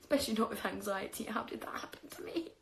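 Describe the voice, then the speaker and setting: A woman's voice: on the high side, fast talker, creaky, a little hiss or hum. A young woman chatting on a phone livestream, telling stories about her life with frequent laughs and casual swearing.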